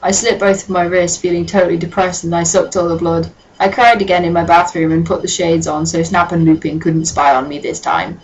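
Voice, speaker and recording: A woman's voice: lowish voice, fairly even intonation, brisk, hardly any pauses, dull audio. A woman giving a comic reading with sarcastic, profane asides. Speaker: dramatic reader.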